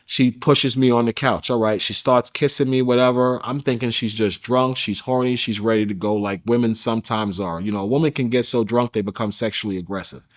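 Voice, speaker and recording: A man's voice: medium pitch, fairly even intonation, fairly quick, hardly any pauses. Blunt, slangy male interview guest. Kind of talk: candid first-person storytelling.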